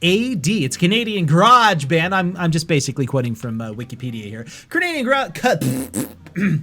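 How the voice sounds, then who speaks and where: A man's voice: fairly high pitch, very animated, moderate pace, sharp tone. A man hosting a casual album review chat, rambling and joking with frequent laughs. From US (Idaho). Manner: jokey, rambling, laughs often. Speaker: podcast host.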